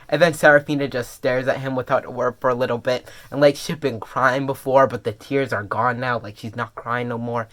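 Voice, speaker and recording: A webcomic reviewer in an excited casual review, gushing and filler-heavy, jumping into high squeals and dropping to soft murmurs. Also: brisk, hardly any pauses. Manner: drops to soft, low murmurs when serious.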